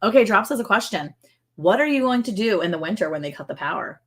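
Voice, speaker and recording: A middle-aged woman with a Texan accent, co-hosting a casual livestream and telling a funny story. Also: quick pace. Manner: animated, acts out quotes in high voices. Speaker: livestream co-host.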